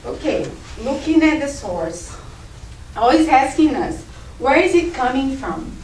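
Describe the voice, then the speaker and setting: High-voiced woman giving a group talk. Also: very animated, unhurried, a little mellow, slight background noise. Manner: conversational, explains through acted examples. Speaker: speaker at a spiritist group. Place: meeting room. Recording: roomy echo, distant mic.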